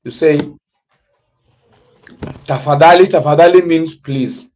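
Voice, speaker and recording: A man with an East African accent hosting a casual livestream, teaching words slowly and spelling them out letter by letter. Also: on the high side, darkish tone, low-quality recording. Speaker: livestream host.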